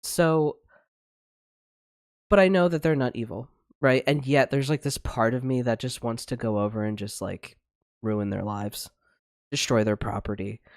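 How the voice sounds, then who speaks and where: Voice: mid-range voice, measured pace, pauses often, no echo, studio quality. Angry, swearing podcast co-host. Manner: angry, swearing, blunt ranting. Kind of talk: heated casual discussion. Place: livestreamed online podcast.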